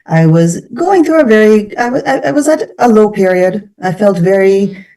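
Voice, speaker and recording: Woman, Jamaican accent, radio guest, thoughtful, measured, dark mellow tone, set back from the mic. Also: mid-range voice, lively intonation. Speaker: guest actress. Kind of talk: radio interview. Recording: distant from the microphone.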